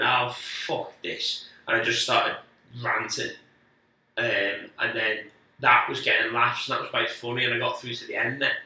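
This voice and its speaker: Recorded far from the mic in a very echoey room, a male comedian guest tells rambling, sweary stories in casual chat, restarting frequently. His voice is mid-range, bright and forceful.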